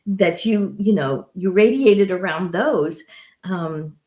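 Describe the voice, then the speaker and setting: Woman, podcast host, middle-aged, deep rich tone, lower pitch, echoey room. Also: slow. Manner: warmly affirming, reflective. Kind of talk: conversational interview. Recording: roomy echo.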